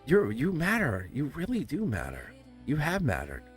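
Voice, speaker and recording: A man's voice: fairly high pitch, huge pitch swings, normal speed, soft background music. A man doing a live tarot reading, fervent and reassuring, repeating phrases and laughing often. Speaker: tarot reader.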